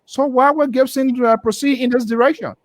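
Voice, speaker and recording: A man speaking on a radio panel, measured and hesitant with frequent fillers. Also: very high voice, steady tone.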